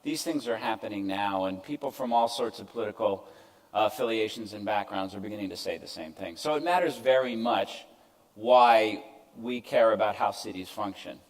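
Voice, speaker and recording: A man's voice: lowish voice, normal speed, rough recording. Older man giving a chatty conference talk. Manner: conversational, self-deprecating asides. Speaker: keynote speaker. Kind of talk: conference presentation. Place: event stage before an audience.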